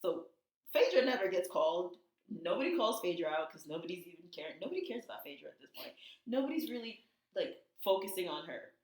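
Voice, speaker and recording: A woman co-hosting a casual podcast, telling gossip and acting out quotes in high voices. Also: very animated, fairly quick, darkish tone. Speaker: podcast co-host. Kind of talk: casual chat. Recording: echoey room.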